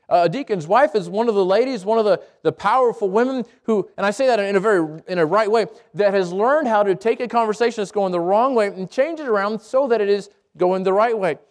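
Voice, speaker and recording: A man preaching a sermon to a congregation, lively and conversational, with jokes, asides and quick self-corrections. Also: high-pitched. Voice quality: speaks around braces. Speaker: pastor.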